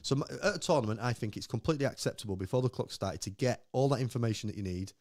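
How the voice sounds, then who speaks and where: A man's voice: mid-range voice, very fast, no echo, studio quality. A man co-hosting a podcast, chatting casually while drinking beer, rambling and acting out quoted remarks. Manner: rambling, animated storytelling with acted-out quotes. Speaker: podcast co-host. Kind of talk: casual chat.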